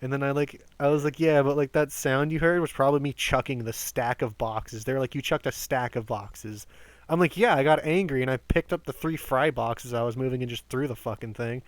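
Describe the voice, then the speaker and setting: A man in his twenties telling rambling work stories on a game stream, animated, swearing often and stumbling over restarts. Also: mid-range voice, brisk, no room sound. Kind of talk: casual storytelling while gaming.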